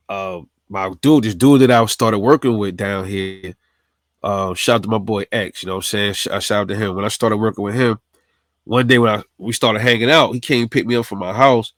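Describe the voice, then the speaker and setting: A man's voice: fairly low pitch, no echo, clean studio sound. Profane storytelling man. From New York City. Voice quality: streetwise, profane, animated retelling. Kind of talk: casual storytelling.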